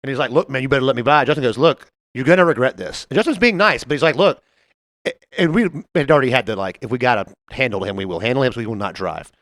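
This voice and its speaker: Fast, lively man telling a bar story. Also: medium pitch, dry recording, studio quality. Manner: animated, laughing often, acts out quoted people. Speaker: podcast co-host. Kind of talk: casual storytelling chat.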